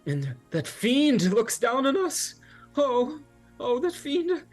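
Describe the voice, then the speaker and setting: A man's voice: animated, moderate pace, soft background music. A man voicing a gushing, devout middle-aged woman hostess who talks in flustered, apologetic bursts. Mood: fearful. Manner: fluttery, apologetic, rising into high exclaims.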